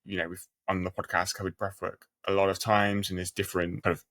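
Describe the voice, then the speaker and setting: A man hosting a podcast, asking questions while thinking out loud with many fillers. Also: low-pitched, level tone, fast, no echo. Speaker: podcast host. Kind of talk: conversational interview.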